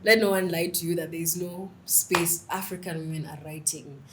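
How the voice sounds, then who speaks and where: The recording is very noisy, but a young woman's voice comes through on the low side at a normal speed. She's a writer appearing as a podcast guest, chatting casually, spinning lively stories and mixing in bits of Swahili.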